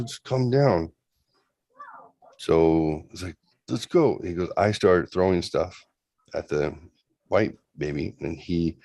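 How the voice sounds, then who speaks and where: With an extremely low, slightly mellow voice and no room sound, a host retells a spooky story casually and in rambling fashion. He acts out the characters' quoted lines, slipping into raised voices for them.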